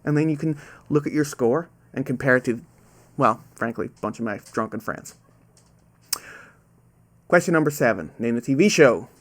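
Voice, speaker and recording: With a medium-pitched, animated voice, the quizmaster hosts a live web trivia game from his house over a webcam. He's laid-back and self-deprecating, repeats each question at a slow pace, and struggles to pronounce "ow" sounds.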